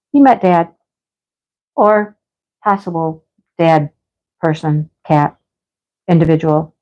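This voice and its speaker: A middle-aged woman livestreaming from home, chatting casually and rambling through a story with scolding asides. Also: medium pitch. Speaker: livestream host. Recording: slightly dull lo-fi sound.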